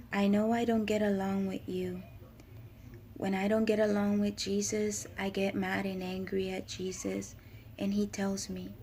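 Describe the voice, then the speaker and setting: A woman speaking haltingly about her own writings and faith, often pausing and searching for words. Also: medium pitch, flat delivery, dark tone, slight background noise. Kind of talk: personal spoken reflection on faith.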